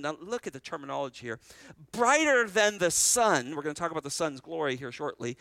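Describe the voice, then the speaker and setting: A man preaching an expository sermon as pastor, reading scripture slowly and explaining it briskly, with animated swings between loud and soft delivery. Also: on the high side, vocal fry, no room sound, low-quality recording.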